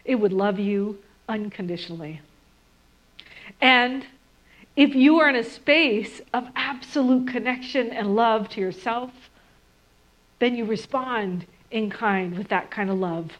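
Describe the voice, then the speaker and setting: This woman speaks, and her voice sits a little high. She talks to listeners in an earnest, reflective way and slips into mocking inner voices now and then. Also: a little slow, low-quality recording. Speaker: spiritual speaker. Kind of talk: inspirational talk to an audience.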